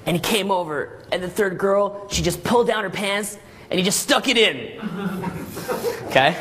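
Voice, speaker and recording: A man telling a story to a class as a dating coach, animated and constantly checking in with "right?" and "okay?". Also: high voice, normal speed, a crowd in the background. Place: Los Angeles.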